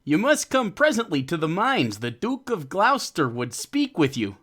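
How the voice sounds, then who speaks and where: Reader as a brisk captain bringing orders. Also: mid-range voice, sing-song, a bit bright. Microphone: voice call.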